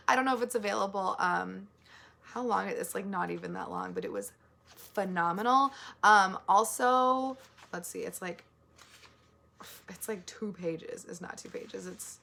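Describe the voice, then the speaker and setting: A woman's voice: mid-range voice, expressive, moderate pace, gravelly, pushed and bright. A woman book vlogger chatting casually about her month's reading, rambling with lots of likes and ums, earnest and easily moved. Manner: rambling, filler-heavy, with many likes and ums.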